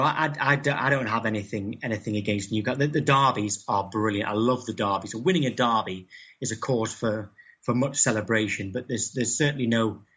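A man's voice: fairly low pitch, a bit bright, breathy edge, highs cut off. A man from North East England, chatting as an interview guest, often repeating words as he starts sentences. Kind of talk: casual interview chat.

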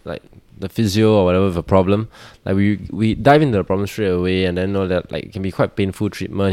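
A man's voice: low voice, a little mellow, clean tone, no echo. A man in his late twenties with a Singaporean English accent, chatting casually as a podcast guest with lots of restarts. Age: 20s. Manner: chatty, lots of restarts and fillers, laughs easily. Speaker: guest athlete.

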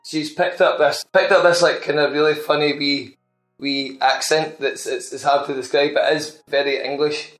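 A man's voice: on the high side, flat delivery, normal speed, fairly bright tone, faint music behind. A Scottish man co-hosting a podcast, telling an amused, rambling anecdote in a casual chat. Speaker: podcast co-host. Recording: roomy echo.

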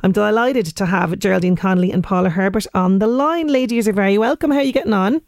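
A woman's voice: mid-range voice, quick pace, no room sound, clean studio sound. An Irish woman in her late thirties hosting a radio show, chatting casually and acting out little voices. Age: late 30s. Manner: chatty, animated, acts out voices. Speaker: radio presenter.

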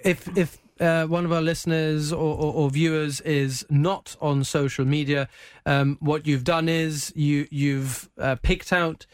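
A man presenting a radio news show, talking haltingly with many restarts and a questioning "no?". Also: a little high, little pitch movement, smooth, no room sound.

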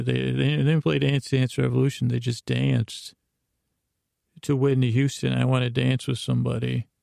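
Deeply gravelly, flat-voiced rambling man. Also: no room sound, studio quality. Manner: meandering, drowsy, full of fillers and restarts. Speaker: podcast host. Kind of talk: rambling bedtime retelling.

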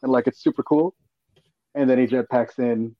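A man's voice: medium pitch, steady tone, normal speed, dull audio. A man on a casual panel chat, animatedly retelling a scene and acting out reactions. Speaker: panel guest.

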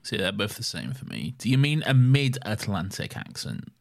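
This is a young British man in a casual podcast chat, teasing his co-host and laughing a lot. His pitch swings widely as he talks, rising and dropping with each joke. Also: wildly swooping pitch, normal speed, gravelly. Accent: British English. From Britain.

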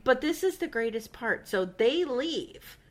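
Animated woman with a lively voice. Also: on the high side, unhurried. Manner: laughs often, acts out quotes in voices; swears casually. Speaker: podcast co-host. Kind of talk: casual chat recapping a TV show.

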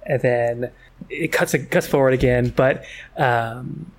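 This is a podcast co-host in relaxed casual chat. They speak slowly and haltingly while summarizing a story, pausing often on fillers and restarting their sentences. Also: mid-range voice, creaky.

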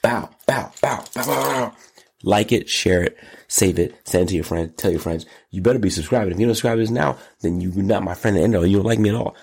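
Gravelly hyped-up male show host. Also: sits low, quick pace, a little mellow. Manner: hyped, exclamatory, gasping and laughing, jumps to squeals. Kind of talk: energetic solo commentary show.

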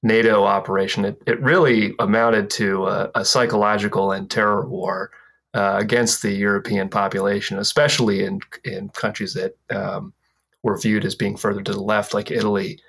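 Low-voiced, halting male researcher guest. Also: little pitch movement, creaky, fairly bright tone, slightly rough. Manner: halting, many restarts and fillers. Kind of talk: casual chat.

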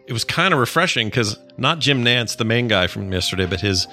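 With faint music behind, a middle-aged man speaks in a mid-range voice that's animated, brisk and sharp in tone. He's a father hosting a podcast alongside his daughter, rambling casually and frequently correcting himself mid-sentence.

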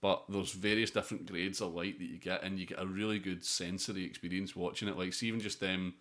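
A man's voice: sits low, steady tone, fast, fairly bright tone. A man co-hosting a casual film podcast, rambling with many fillers. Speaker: podcast co-host. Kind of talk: casual chat about films.

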